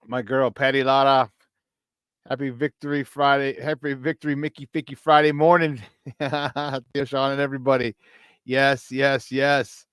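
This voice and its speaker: Brief: male sports talk show host, high-energy and laughing, dry close sound. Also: level tone, unhurried, clean tone, no room sound. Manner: hyped, shouting out chat viewers with frequent laughs.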